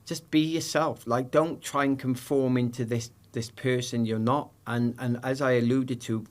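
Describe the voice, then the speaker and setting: A middle-aged man, a former sprinter, talks as a podcast guest in a lively, jokey way, acting out the voices he quotes. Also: mid-range voice, normal speed. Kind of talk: animated storytelling in conversation.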